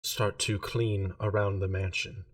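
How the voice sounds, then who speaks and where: A man voicing a flat, emotionless woman bound to a rich man's household, speaking in a monotone with hesitant pauses. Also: lowish voice, distant mic, natural voice.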